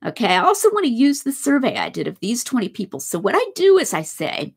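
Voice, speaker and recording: A woman's voice: on the high side, wildly swooping pitch, quick pace, few pauses, breathy edge. A woman giving a conversational philosophy lecture, walking through a hypothetical example step by step.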